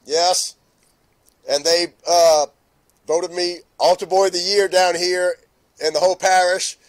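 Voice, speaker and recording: A middle-aged man from hosts a relaxed morning live stream and talks. His voice sits high for a man. He keeps breaking into laughter as he greets viewers by name. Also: a little slow.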